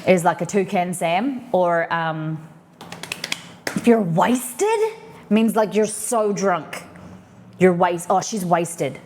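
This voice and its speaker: A woman's voice: lowish voice, slow, long pauses, a little mellow, a little hiss or hum. An Australian woman hosting a livestream, chatting casually and rambling as she explains slang to her viewers. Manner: chatty and rambling, lots of "like" fillers. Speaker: livestream host.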